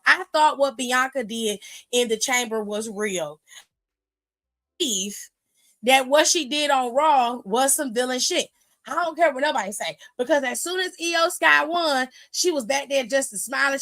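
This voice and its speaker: A woman host giving a sassy, gossipy recap of a wrestling show in casual chat, retelling it with lively energy. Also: high-pitched, moderate pace. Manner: sassy, gossipy, exclaims "child" often; animated retelling with lively quoted voices. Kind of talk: casual chatty commentary.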